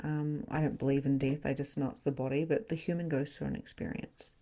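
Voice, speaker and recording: A woman hosting a live online spiritual session, telling stories in a casual, animated way. She laughs often, swears for emphasis and acts out scenes, then turns quiet when she speaks of loss. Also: very deep voice, brisk, vocal fry. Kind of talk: casual storytelling to a live audience.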